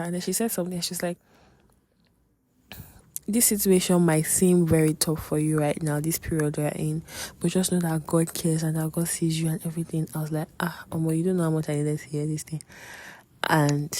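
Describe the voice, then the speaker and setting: A young woman hosts her podcast, telling a personal testimony in a candid, emotional way with dramatic asides. Her voice sits fairly low for a woman and sounds close and dry, with no room echo. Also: warm tone. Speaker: podcast host.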